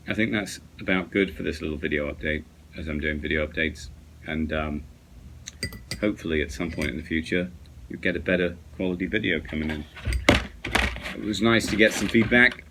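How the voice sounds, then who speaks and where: Guy with a real low voice rambling late at night about pipes, lots of uhs, faint hiss behind. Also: normal speed, long pauses, pushed and bright. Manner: rambling, many fillers and restarts. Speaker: pipe smoking vlogger. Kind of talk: casual late-night vlog. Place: at home at night.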